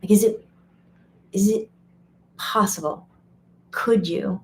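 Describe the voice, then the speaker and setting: A woman's voice: medium pitch, slow, darkish tone. Chatty woman on a live stream. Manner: chatty, acts out quoted voices, laughs often. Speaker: medium and teacher. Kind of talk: casual live stream talk. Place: home or studio, live stream.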